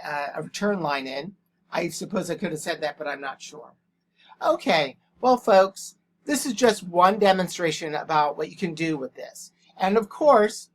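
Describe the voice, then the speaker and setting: A man's voice: high-pitched, a bit bright, slight background noise. A male English teacher giving a screen-recorded tutorial, speaking into a headset microphone and dictating punctuation aloud in a plain, matter-of-fact way. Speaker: English language arts teacher.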